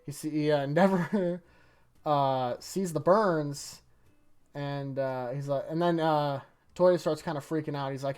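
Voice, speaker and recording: A YouTuber giving a casual, rambling review of a manga chapter, chatty and quick to laugh. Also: medium pitch, a little mellow, smooth.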